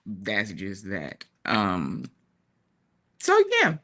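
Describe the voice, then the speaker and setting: Woman talk show co-host, forties, slow chatty storyteller, bright voice. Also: rumbling low, wildly swooping pitch. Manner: chatty, warm storytelling with laughs and asides. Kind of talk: casual chat. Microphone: streaming studio mic.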